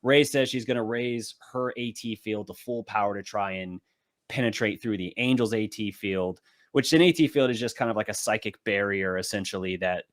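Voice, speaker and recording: A man co-hosting a podcast, chatting casually through an episode recap and acting out character lines in quick bits. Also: lowish voice. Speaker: podcast co-host. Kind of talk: casual anime recap chat.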